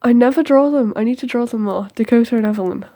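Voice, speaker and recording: A teenage girl chatting casually through a tour of her sketchbook, rambling with lots of ums and quick asides. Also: on the high side, dark tone.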